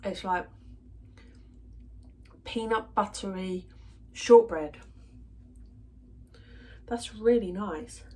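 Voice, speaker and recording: A woman's voice: mid-range voice, drawn-out words, long pauses, a little mellow, slightly rough. A woman chatting casually to camera in her home kitchen, self-deprecating and giggly. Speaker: vlogger.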